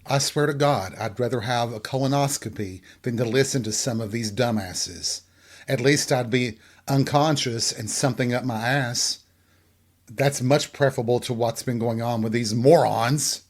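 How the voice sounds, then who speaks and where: A man's voice: medium pitch, moderate pace. A man hosting his own show, ranting crudely and sarcastically. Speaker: podcast host. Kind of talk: profane comedic rant.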